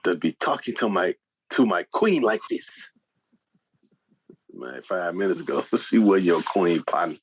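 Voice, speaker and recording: A man's voice: low voice, expressive, unhurried, long pauses, breathy edge, no echo, lo-fi sound. A man co-hosting a podcast, joking around in casual chat and imitating slang greetings. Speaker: podcast co-host.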